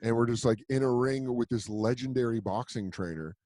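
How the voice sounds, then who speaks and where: A man chatting as a guest on a video call, telling stories and joking with quick impressions of people. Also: mid-range voice, dry recording, clean studio sound. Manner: joking storyteller, animated impressions. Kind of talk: casual video-call chat.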